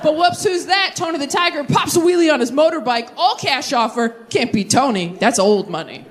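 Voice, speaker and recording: A woman in her thirties performing stand-up comedy on stage, telling stories with quick deadpan turns and playful voices. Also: high-pitched, background noise. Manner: animated, deadpan storytelling with jokey voices. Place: comedy stage before a live audience.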